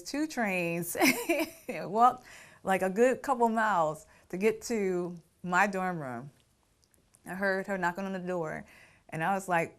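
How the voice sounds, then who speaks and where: A middle-aged woman telling her family story in an interview, reflective and often laughing through painful memories. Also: fairly low pitch. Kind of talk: personal storytelling.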